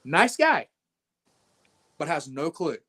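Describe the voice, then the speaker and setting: A man with a voice pitched a little above most men's. He tells a story in an interview in a blunt, animated way, and he acts out his own lines as he goes. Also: slow, slightly rough. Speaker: wrestler guest.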